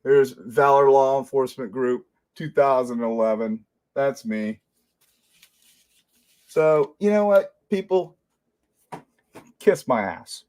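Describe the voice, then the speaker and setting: A man who was a detective hosts his own commentary show and vents with open anger. He swears freely and hammers his points home. His voice sits at an ordinary middle pitch. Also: slow, pauses often, darkish tone. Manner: heated, profane ranting. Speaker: host, former detective. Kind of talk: angry commentary.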